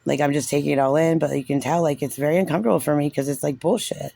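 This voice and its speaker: A man's voice: fairly high pitch, fast talker, gravelly, dark tone, no room sound. A man giving casual, sarcastic and frustrated reaction commentary on a recorded meeting, saying "like" constantly. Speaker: parent reviewing a recorded meeting.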